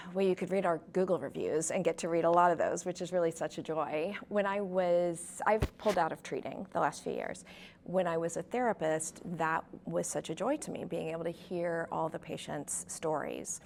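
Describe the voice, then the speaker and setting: A woman in her forties talks through an interview as a physical therapist, her voice low and full of vocal fry. She tells stories at an easy, conversational pace, with plenty of ums. A faint hiss sits behind her. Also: brisk. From California, USA. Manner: warm storytelling with frequent ums. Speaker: pelvic health physical therapist, clinic owner.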